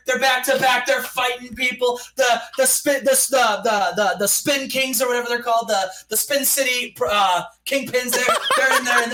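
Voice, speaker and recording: A man casually recapping a wrestling simulation game, telling it like an excited announcer and playing the crowd. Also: very high voice, recorded from a distance, poor audio. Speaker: podcast co-host recapping a wrestling sim. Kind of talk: casual chat.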